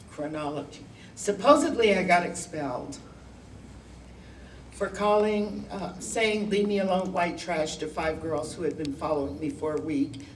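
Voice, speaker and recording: A low-pitched older woman, visiting a school class as a guest speaker, recounts her story conversationally with candor and wry humor. The mic is distant, so the sound is roomy, and the background is noisy.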